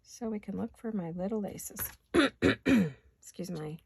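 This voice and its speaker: A woman vlogger, raspy from allergies, chatting casually and talking to herself as she makes paper crafts in her home studio. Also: medium pitch, lively intonation, slow, a little mellow, dry recording. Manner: chatty, talks to herself while working.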